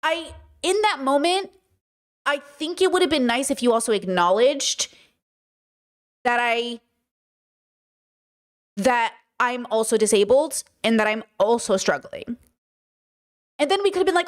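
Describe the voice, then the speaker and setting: A woman's voice: on the high side, expressive, unhurried, long pauses. A worn-out woman streamer talking frankly to her chat about her exhaustion, her voice a bit shaky. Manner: tired, confessional, shaky voice. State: exhausted and drained. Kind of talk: casual livestream chat.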